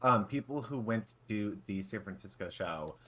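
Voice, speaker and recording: A man's voice: fairly low pitch, animated, moderate pace, a bit bright. A man co-hosting a podcast in casual, rambling chat with many fillers. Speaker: podcast co-host.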